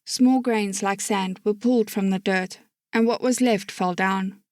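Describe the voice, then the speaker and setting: A woman narrating an audiobook chapter in a steady storytelling manner. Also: medium pitch, a little slow, no room sound, studio quality. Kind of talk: scripted narration.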